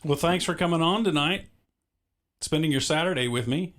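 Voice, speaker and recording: A man hosting a live stream, calm and easygoing, steering the conversation and reading the chat. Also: fairly high pitch, moderate pace. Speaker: stream host.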